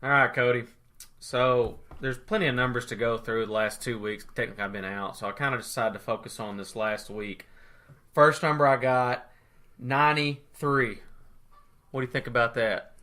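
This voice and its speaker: Male podcast co-host, bright tone, easygoing storyteller who chuckles a lot. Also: medium pitch, fairly even intonation, normal speed. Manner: laid-back, laughs through his story. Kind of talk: casual storytelling chat.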